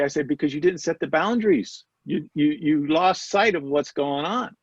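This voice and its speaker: A man with a slightly high, husky voice talks through a casual interview, telling stories and acting out both sides of remembered conversations. His audio is dry and a little dull, like a lo-fi remote recording. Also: normal speed, no echo. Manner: storytelling, acts out quoted dialogue. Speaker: guest, practice mentor. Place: Denver area.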